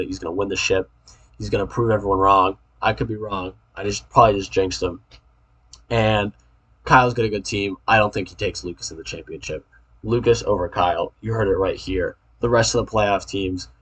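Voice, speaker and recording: A man's voice: fairly low pitch, fairly bright tone, husky, poor audio. A young man giving casual, profane, trash-talking fantasy football rankings to his league mates, rambling with restarts.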